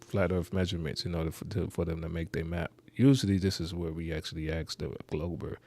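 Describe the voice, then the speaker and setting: A man's voice: deep voice, steady tone, a little fast, creaky, warm tone, dry recording. A man hosting a reaction video, rambling and skeptical, muttering asides as he comments.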